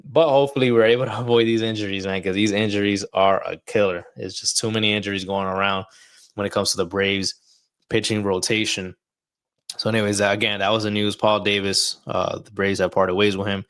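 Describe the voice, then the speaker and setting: A man's voice: fairly low pitch, flat delivery, fairly quick, fairly bright tone, smooth. A man hosting a casual baseball podcast, chatty and loose, a little out of breath. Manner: chatty, loose, talks through ad reads like a wrestler promo. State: a bit out of breath. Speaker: podcast host.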